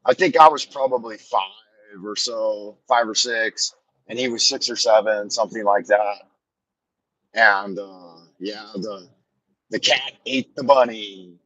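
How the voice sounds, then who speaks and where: A man's voice: fairly low pitch, slow pace, fairly bright tone, no room sound, poor audio. Rambling man chatting from his car. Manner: meandering storytelling, self-deprecating humor. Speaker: live streamer. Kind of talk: rambling live stream chat. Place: car while driving. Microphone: phone on a camera mount.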